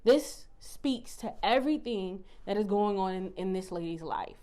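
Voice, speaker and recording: A woman's voice: mid-range voice, animated, normal speed, mellow, slight background noise. Blunt, foul-mouthed woman tarot reader. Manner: blunt, defiant, swears freely. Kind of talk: casual tarot reading vlog. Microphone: phone mic.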